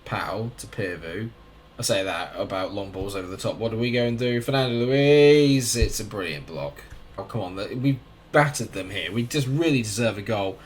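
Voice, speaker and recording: A man's voice: fairly low pitch, lively intonation, moderate pace. A man giving casual, chatty commentary on his own football management game, calling the action as it plays out. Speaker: gaming YouTuber.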